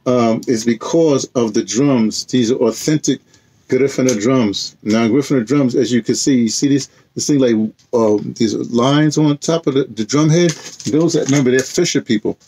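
A man with a husky, slightly breathy voice chats casually to his vlog audience. He tells long rambling stories, laughs often and sounds tired after a day on his feet. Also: medium pitch, normal speed, mellow. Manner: rambling storytelling with frequent laughs. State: tired from walking. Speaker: vlogger. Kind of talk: casual chat.

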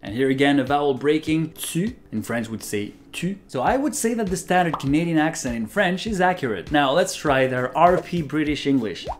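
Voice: mid-range voice, expressive, brisk, hardly any pauses, music in the background. A product reviewer demonstrating a translation device, switching between several languages as they test it.

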